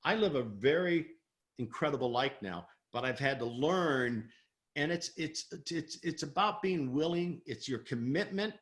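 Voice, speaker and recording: A middle-aged man tells a story as a guest on an interview show, his voice bright and his pitch swinging up as he acts out the people he quotes. He laughs often and talks in a lively way. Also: a little slow. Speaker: guest, performance coach.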